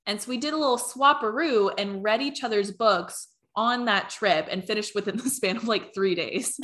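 A woman's voice: medium pitch, normal speed, a bit bright. Chatty young woman podcast co-host. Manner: chatty, agreeable, frequent "like" fillers. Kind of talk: casual chat.

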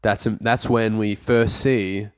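A young man talks through a movie in easy podcast banter. His voice sits a little low, and the recording is close and dry with no room sound. He swears offhandedly and keeps a loose, laid-back flow. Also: fairly even intonation, slow, clean tone, no room sound. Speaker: podcast co-host. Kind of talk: casual film chat.

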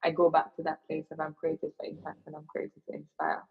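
Gravelly, husky woman telling her story. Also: low voice, monotone, fairly quick. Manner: earnest, reflective, with frequent fillers and restarts. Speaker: interview guest. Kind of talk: personal storytelling in casual chat. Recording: dull lo-fi recording.

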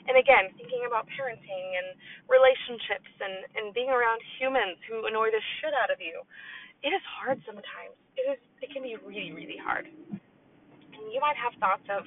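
A woman's voice: fairly high pitch, normal speed, slight background noise. A woman hosting a podcast, giving casual advice in a chatty, self-deprecating way, swearing freely. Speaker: podcast host. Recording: tinny phone-like sound from far off the mic.

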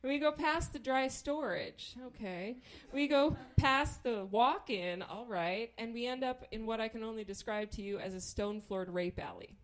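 Her voice leans high and she keeps a moderate pace with few pauses. She's a stand-up comic from Kansas, telling a dry, profane tale and performing the people in it with different voices.

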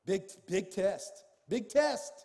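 A man preaching a sermon as a pastor, telling a personal story with animated swings from hushed tones to shouting. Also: high-pitched, slow pace, vocal fry, big-room sound.

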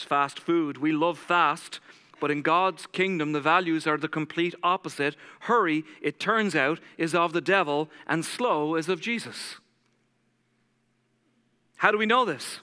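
A man's voice: on the high side, sharp tone, clean tone, in a large hall. A man preaching a sermon as pastor, telling stories dramatically and acting out the voices of the people in them.

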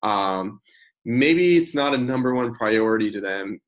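A man's voice: mid-range voice, lively intonation, unhurried, low-quality recording. A man asking a sales coach a question, hesitant and repeating words as he searches for it.

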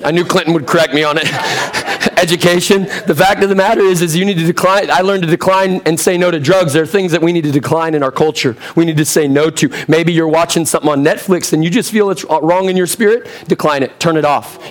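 A man in his thirties preaching a sermon in a direct, conversational way, asking the crowd questions, his voice getting a bit hoarse. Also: on the high side, brisk, hardly any pauses. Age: 30s. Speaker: pastor.

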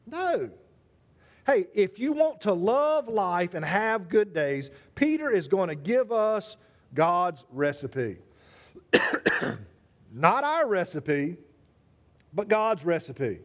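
A male pastor preaching a sermon in a lively, conversational way, calling out members of the congregation by name. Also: high-pitched, slow pace.

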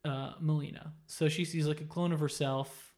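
A man with a slightly higher voice recaps a story in casual, animated chat. His delivery is loose and swears freely, and he slips into the characters' lines as he goes. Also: normal speed. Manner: animated, profane storytelling with acted-out quotes. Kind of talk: casual retelling of a game story.

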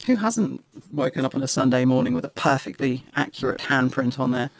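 A man co-hosting a podcast in camp, teasing casual chat full of quick jokes. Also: medium pitch, expressive, over a noisy crowd. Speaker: podcast co-host.

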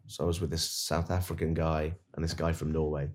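Deep-voiced man telling a coaching story. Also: a little fast. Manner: animated, earnest, coaching tone. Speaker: dentist and business coach, podcast guest. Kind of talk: casual podcast storytelling.

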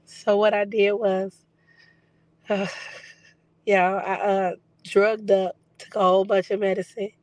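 A woman talks through her personal video journal in a loose, chatty way, her voice still coming back after weeks of illness. Her pitch stays fairly even and level, and the recording sounds dry and close. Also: slow pace, long pauses, dry recording. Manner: chatty, relaxed storytelling with fillers. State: recovering from lost voice. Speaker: psychic medium vlogger.

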